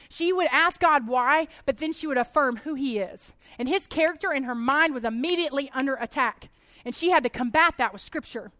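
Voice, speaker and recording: Woman, 30s, high voice, chatty animated preaching, dry close recording. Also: dry recording. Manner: chatty, animated, laughs often. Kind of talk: casual sermon talk.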